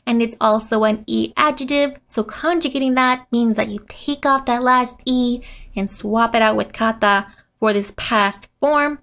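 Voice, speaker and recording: A woman casually teaching a Japanese lesson, laughing often and acting out quoted lines in animated voices. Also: fairly high pitch, measured pace.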